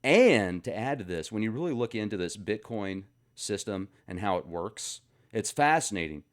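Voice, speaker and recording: A man's voice: fairly low pitch, big pitch swings, moderate pace. A man hosting a casual commentary video, joking and rambling between topics. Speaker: video host.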